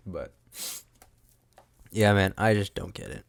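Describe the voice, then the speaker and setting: A young man with a fairly low voice rambles through a solo podcast, sarcastic and prone to cutting off his own sentences. He speaks close to a studio mic with a windscreen, and the sound is dry with no room echo. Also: slow, vocal fry, long pauses. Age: young adult. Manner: rambling, sarcastic, self-interrupting. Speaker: podcast host.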